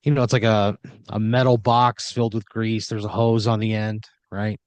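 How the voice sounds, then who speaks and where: A man's voice: fairly low pitch, flat delivery, normal speed, no echo. Rambling young man telling an improvised story. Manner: rambling, filler-heavy and profane. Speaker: podcast host and storyteller.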